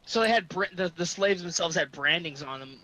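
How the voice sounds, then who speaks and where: A man's voice: fairly high pitch, expressive, a little fast, sharp tone, slight background noise, rough recording. A man playing a tabletop game, pressing the game master with persistent, probing questions. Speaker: player. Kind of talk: casual tabletop game chat.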